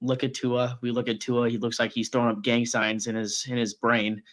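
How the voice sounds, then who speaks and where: A young man co-hosting a casual sports podcast, telling a story with excitement and quoting himself and his friend. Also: medium pitch, a little fast. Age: young adult. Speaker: podcast co-host.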